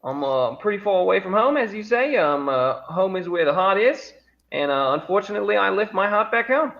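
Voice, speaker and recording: A man doing a cocky bad-boy rogue, laid-back and a bit high, for a tabletop game. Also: animated, a little fast, gravelly, dull audio. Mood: swaggering. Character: cocky young male rogue, boastful.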